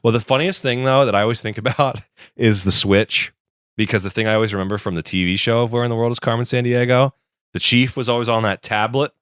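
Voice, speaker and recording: A man's voice: medium pitch, fast, fairly bright tone, clean tone, no room sound, clean studio sound. A man in his thirties co-hosting a casual podcast, telling rambling, enthusiastic stories. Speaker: podcast co-host. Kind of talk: casual chat.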